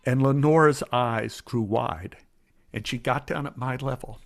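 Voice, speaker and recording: A man's voice: mid-range voice, unhurried, gravelly, dry recording, studio quality. Older man telling a story animatedly. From Dallas, Texas. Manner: animated, acts out remembered voices. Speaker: guest storyteller. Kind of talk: conversational storytelling.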